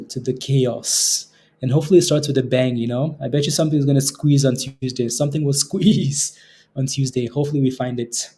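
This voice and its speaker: A man from Canada hosts a trading livestream, chatting loosely with his viewers in a mellow, darker-toned voice. He talks in an easygoing way, often repeating words and laughing between comments. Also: mid-range voice. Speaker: day trading livestream host. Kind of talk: casual livestream chat reading viewer comments.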